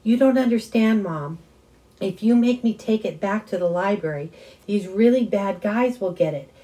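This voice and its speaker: A woman voicing a middle-school boy who pleads and yells at his mother. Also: mid-range voice, lively intonation, measured pace, lightly acted, low-quality recording. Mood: upset, pleading. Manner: pleading, yelling.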